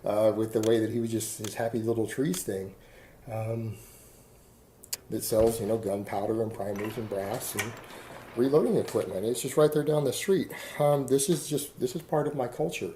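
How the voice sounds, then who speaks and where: A man's voice: fairly low pitch, moderate pace, dark tone, a little hiss or hum, low-quality recording. A middle-aged man from Texas in a casual, rambling monologue to camera, defiant and full of rhetorical questions. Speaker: online video creator.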